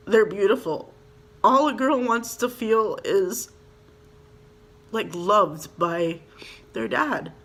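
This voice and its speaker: A woman's voice: medium pitch, fairly bright tone, husky. A young woman from Minnesota telling a personal storytime in a casual, rambling way, full of "like" and "you know," emotional and heartfelt. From Minnesota, USA. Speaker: vlogger.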